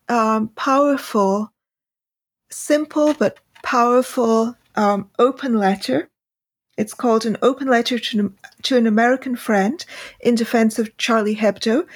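A woman hosting a podcast interview, talking casually and hesitantly with many ums and restarts. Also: on the high side. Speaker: podcast host; freelance translator.

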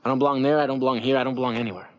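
A man's voice: medium pitch, steady tone, very fast, a little mellow, no room sound, lo-fi sound, close to an everyday voice. An actor playing a brooding, defiant teenage boy who talks in bitter, clipped lines.

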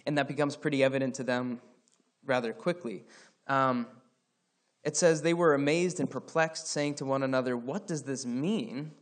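A man's voice: medium pitch, moderate pace. A man from Scotland giving a casual Bible teaching, talking conversationally and reading scripture passages aloud.

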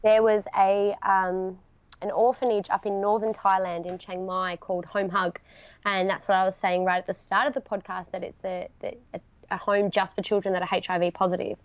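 A woman's voice: mid-range voice, level tone, moderate pace, no room sound, dull audio. Heartfelt woman sharing a story. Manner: heartfelt, tearful at moments, talks through laughs. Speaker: podcast guest. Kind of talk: emotional storytelling interview.

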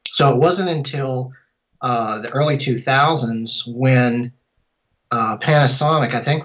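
A man's voice: mid-range voice, a bit bright, poor audio. A middle-aged man, a filmmaker and composer, telling stories in a casual interview, rambling with many restarts.

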